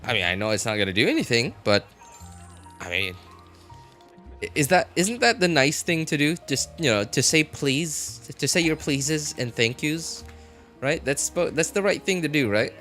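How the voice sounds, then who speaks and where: A man's voice: on the high side, sing-song, moderate pace, a bit bright. A man live-streaming a game, chatting casually with his viewers, often laughing and talking straight to chat. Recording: faint music behind.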